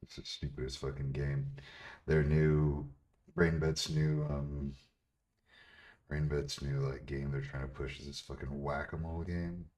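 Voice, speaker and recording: A man streaming casually as a bodybuilder answering chat, blunt and profane, laughing and getting louder when riled up. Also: extremely low pitch, flat delivery, unhurried.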